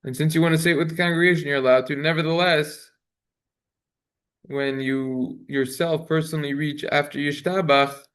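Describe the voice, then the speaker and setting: A man's voice: a little high, fairly even intonation, normal speed, fairly bright tone, smooth. A man teaching a religious law class, chanting Hebrew passages and then explaining them in a conversational way. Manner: reads Hebrew text in a singsong chant, then translates; conversational, self-correcting. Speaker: rabbi teaching a halacha class. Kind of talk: Talmudic study lesson.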